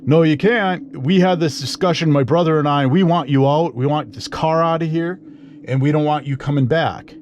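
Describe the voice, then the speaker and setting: A man voicing an angry, drunk man who shouts and orders him out. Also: on the high side, moderate pace, lo-fi sound, slight background noise, voice pushed up, lightly acted. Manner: shouting, belligerent.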